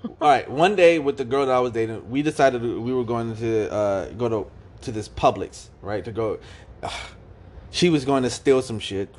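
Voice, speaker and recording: A man's voice: medium pitch, moderate pace. A man co-hosting a casual chat, telling stories in slangy speech, swearing freely and acting out the dialogue he quotes. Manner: animated storyteller, acts out quoted dialogue, laughs often. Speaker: podcast co-host.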